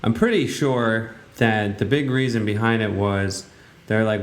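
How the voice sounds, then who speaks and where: A man's voice: fairly low pitch, measured pace, hardly any pauses. A man hosting a radio talk show, giving casual, rambling commentary in a blunt way with many fillers. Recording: roomy, echoey room.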